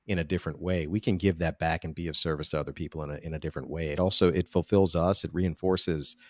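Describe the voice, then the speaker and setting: Low-voiced guy talking slow and earnest, lots of restarts, dead dry mic. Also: steady tone, no room sound. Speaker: podcast host. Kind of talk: conversational interview.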